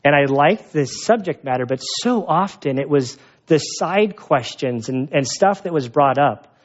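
A pastor giving a sermon, telling stories in a conversational, animated way. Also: male voice, fairly high pitch, a little slow, muffled recording. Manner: conversational storytelling with animated asides.

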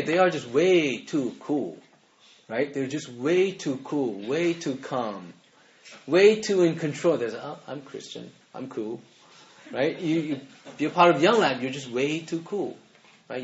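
A man preaching to a youth group in an animated way, laughing often and checking in with his listeners. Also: fairly high pitch. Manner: animated, laughs often, keeps asking "right?". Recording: dull lo-fi recording.

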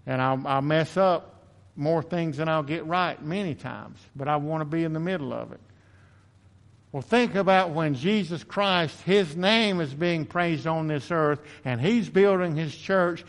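Man, pastor mid-sermon, earnest and confessional, stumbling into repeats for emphasis, reverberant sanctuary. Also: a little high. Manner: earnest, self-confessing, repeats words when building emphasis. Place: church sanctuary.

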